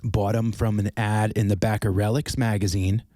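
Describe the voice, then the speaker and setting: A man with a lowish voice tells stories in relaxed podcast conversation. He is animated and swears freely. The sound is dry and close to the mic. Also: moderate pace, no room sound. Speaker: podcast guest. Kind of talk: casual chat.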